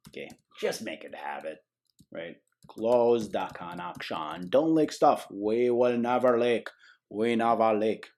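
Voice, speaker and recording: Animated man chatting through a coding tutorial. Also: mid-range voice, husky. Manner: chatty, animated, often adds okay and right, jokes. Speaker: programming tutorial host. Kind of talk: casual screen-recorded coding tutorial.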